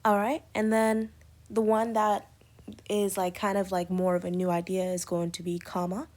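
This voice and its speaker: Her voice is medium in pitch and darkish, delivered in a monotone at normal speed. The woman is teaching English in a recorded lecture, breaking down punctuation step by step with numerous spoken examples and fillers.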